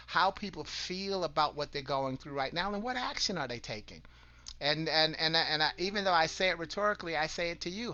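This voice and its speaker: Earnest motivational man, bright voice. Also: on the high side, highs cut off. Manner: earnest, repeats words and restarts, asks listeners questions. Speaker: host of an online broadcast. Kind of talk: motivational talk with scripture.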